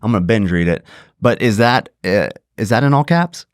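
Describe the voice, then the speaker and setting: A man's voice: lowish voice, lively intonation, moderate pace, clean tone, no echo, clean studio sound. A man co-hosting a podcast, asking questions in a joking, easygoing chat. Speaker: podcast co-host. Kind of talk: casual interview chat.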